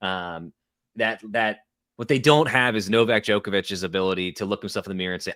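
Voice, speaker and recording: A man's voice: deep voice, a little fast, fairly bright tone, no room sound, clean studio sound. A man co-hosting a live tennis watchalong, chatting opinionatedly about the match with bursts of laughter. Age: young adult or middle-aged parent of an infant. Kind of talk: casual live sports commentary.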